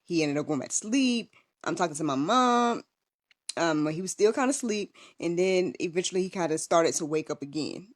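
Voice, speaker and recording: A woman's voice: fairly low pitch, expressive, moderate pace. A young woman telling a personal story in a casual livestream, chatty and full of fillers and restarts. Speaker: vlogger and podcast host.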